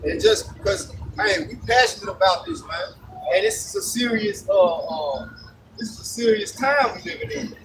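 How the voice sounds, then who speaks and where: High-voiced man preaching bluntly outdoors. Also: animated, moderate pace. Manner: forceful, blunt, cussing, emphatic. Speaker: street preacher. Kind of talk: street preaching discussion. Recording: distant outdoor mic, traffic noise.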